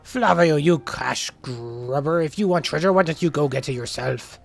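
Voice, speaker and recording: A man reading as a gruff old sailor bomb who speaks bluntly and gets straight to the point. The voice is a raised, gravelly one with faint game music behind it. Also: fairly high pitch, normal speed. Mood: scolding.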